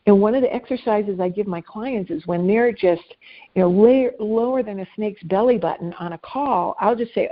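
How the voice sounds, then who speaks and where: A woman life coach talking in a casual interview, animated and self-deprecating, often restarting her sentences. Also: mid-range voice, moderate pace, dull audio.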